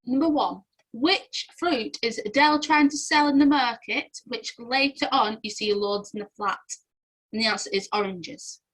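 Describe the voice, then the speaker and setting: Giggly young Englishwoman, a bit higher voice, quiz host reading answers off casually. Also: a little slow, fairly bright tone, low-quality recording. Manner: giggly, chatty, often breaks into laughter.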